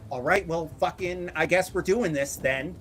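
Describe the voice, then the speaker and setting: A man's voice: fairly high pitch, moderate pace, a bit bright, slight background noise, pitched above the performer's own voice, natural voice. A man voicing a young, foul-mouthed sniper who stammers and swears when rattled. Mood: resigned. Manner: swears a lot, flustered, stammering.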